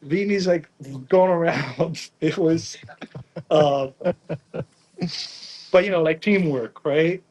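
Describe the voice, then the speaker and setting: A man's voice: a little high, slow pace, pauses often, slight background noise, rough recording. A young man from the Naples area, a pizza chef guest, telling a story in a casual interview, acting out quotes and tagging lines with "right?". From Naples area, Italy. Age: young adult. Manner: animated, acts out quotes, frequent "right?" tags.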